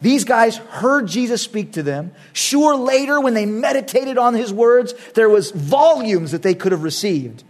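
A middle-aged man preaching a sermon as pastor, emphatic, moving between loud urging and quiet, earnest asides. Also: high voice.

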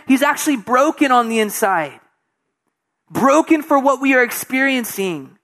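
A man preaching a sermon, moving between soft, hushed passages and raised, emphatic stretches, with casual asides and acted-out voices of people in the story. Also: very high-pitched, expressive, moderate pace. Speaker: pastor.

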